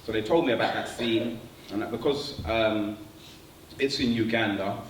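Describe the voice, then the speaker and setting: A man telling a stand-up story, animated and slangy, laughing at his own jokes. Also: on the low side, normal speed. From London. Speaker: stand-up comedian. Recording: echoey room, distant mic, faint noise.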